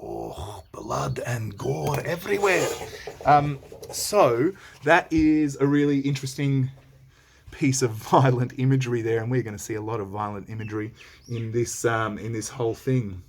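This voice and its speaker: A man's voice: medium pitch, lively intonation, normal speed, creaky. A man teaching a read-along lesson, reading lines aloud and explaining them in a chatty, slangy way.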